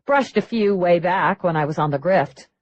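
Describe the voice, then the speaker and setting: A woman's voice: lowish voice, dry recording, lo-fi sound, close to an everyday voice. A woman reading an audiobook, voicing a bubbly, brash young woman who used to run cons. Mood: brash, upbeat. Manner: excited, brash, quick. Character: bubbly young female ex-grifter performer, brash.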